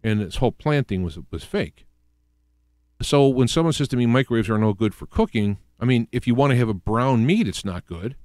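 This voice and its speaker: A man's voice: mid-range voice, animated, moderate pace, darkish tone, no echo, clean studio sound. A man from the US Midwest with a Midwestern accent, hosting a casual solo radio talk show and rambling through examples with many restarts and fillers. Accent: Midwestern American.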